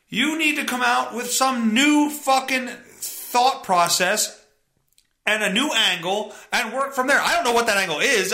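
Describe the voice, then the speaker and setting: A man's voice: very high-pitched, bright, forceful tone. A man hosting a solo podcast, ranting in a sarcastic, profane way. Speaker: podcast host. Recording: roomy echo.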